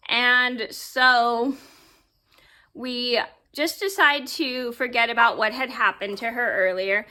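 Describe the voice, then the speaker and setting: A woman's voice: a little high, slow, bright, forceful tone. A woman vlogger telling a story to camera in a casual, rambling way with many fillers. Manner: rambling, filler-heavy, easily sidetracked.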